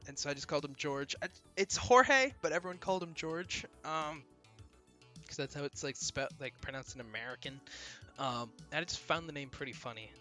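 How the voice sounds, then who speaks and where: A man's voice: on the high side, fairly even intonation, a little fast, pushed and bright. A young man casually commenting on a game he is playing, rambling and swearing, with easy laughs. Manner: rambling, profane, laughs easily. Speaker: gameplay commentator. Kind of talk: casual let's-play commentary. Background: faint game music.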